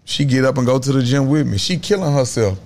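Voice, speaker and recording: A man with a Louisiana accent, a guest in a casual interview, talking in slow, emphatic stories full of Southern slang. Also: mid-range voice, darkish tone.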